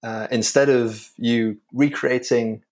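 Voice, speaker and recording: A man from England with a Yorkshire accent, a guest on a technical podcast, explaining his software carefully with small restarts. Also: mid-range voice, steady tone, slow. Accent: Yorkshire English. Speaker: guest, framework creator.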